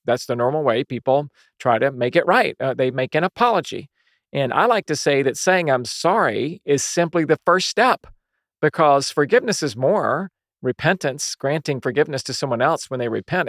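A man's voice: fairly high pitch, fairly bright tone, dry recording, clean studio sound. A man hosting a radio show as a biblical counselor, earnestly explaining things step by step with scripture. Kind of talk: radio teaching on faith.

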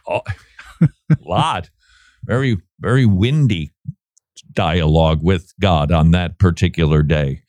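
A man hosting a talk show, giving sarcastic, animated commentary and laughing often. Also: sits low, takes it slowly, pauses often, no room sound. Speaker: podcast host. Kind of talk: casual commentary.

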